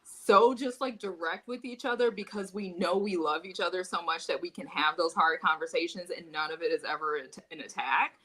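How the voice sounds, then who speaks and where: Young woman, podcast guest, casual storytelling, bright tone, animated, laughing, swearing. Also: lowish voice, brisk, few pauses, rough recording. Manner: animated, laughing, swearing freely, acting out quoted voices.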